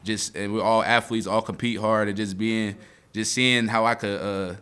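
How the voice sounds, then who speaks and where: A man's voice: fairly low pitch, fairly even intonation, moderate pace, fairly bright tone, smooth. A young man in his twenties, a college football player, talking after a game in a casual, heartfelt way, choked up and near tears, often saying "man". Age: 20s. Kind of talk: emotional postgame interview.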